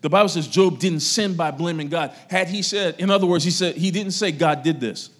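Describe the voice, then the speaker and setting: Male pastor preaching to his congregation, somewhat high voice, loud emphasis then quiet asides. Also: a little fast. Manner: preaching with strong rises and drops in loudness. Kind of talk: sermon.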